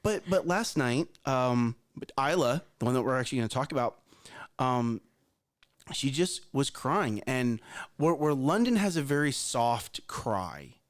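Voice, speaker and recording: Man, animated storyteller, lively up-and-down voice, casual morning chat. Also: mid-range voice, unhurried. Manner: animated storyteller with frequent restarts. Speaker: morning show co-host.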